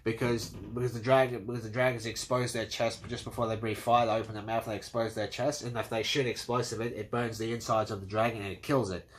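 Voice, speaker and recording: A man giving an excitable, casual movie review, swearing freely and acting out scenes. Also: on the low side, fast talker, few pauses. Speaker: movie commentator.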